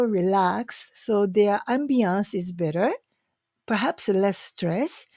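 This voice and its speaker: A woman's voice: mid-range voice, slow pace, dark tone, no echo, clean studio sound. A Japanese woman speaking English with a Japanese accent, chatting casually and enthusiastically to camera as a vlogger, with many fillers.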